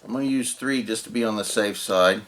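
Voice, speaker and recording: A channel host with a lowish voice talks fairly quickly as he works on a homemade gear project. His casual DIY tutorial narration is relaxed and rambling, full of "uh" and restarts.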